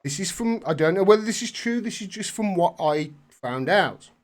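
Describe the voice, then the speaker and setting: Man, high-pitched voice, animated rant, lots of swearing, video call. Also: moderate pace. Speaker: host. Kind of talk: casual chat.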